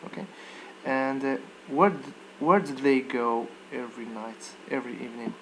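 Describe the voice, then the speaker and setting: A man's voice: mid-range voice, steady tone, normal speed, a bit bright, slight background noise, low-quality recording. A man teaching a live online English lesson, checking students' answers by name and modeling pronunciation.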